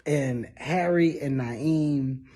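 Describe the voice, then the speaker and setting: A man telling a comedic personal story in a loud, animated, profane way. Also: a little high, very slow. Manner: animated, profane, shouts when acting out quotes.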